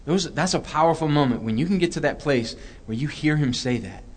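A man with a voice a little higher than most, talking in a Christian chat show. He preaches earnestly and repeats phrases to drive a point home. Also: a little fast, a little mellow. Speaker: co-host.

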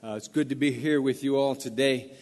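A man preaching as a guest pastor, folksy and halting, with many restarts. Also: mid-range voice, steady tone, a little mellow. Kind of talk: sermon with storytelling. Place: church sanctuary. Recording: long church-hall reverb.

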